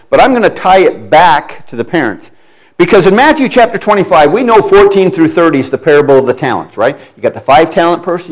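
A man preaches a sermon in a slightly high voice, and the audio sounds dull. His style is conversational and emphatic: he speaks straight to his listeners, acts out the words of quoted parents, restarts sentences and makes asides to the audience.

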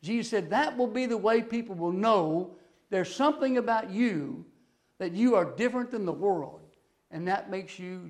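Older man, high-pitched, folksy storytelling preacher. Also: vocal fry. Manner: folksy, rambling storyteller with restarts. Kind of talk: folksy sermon with stories.

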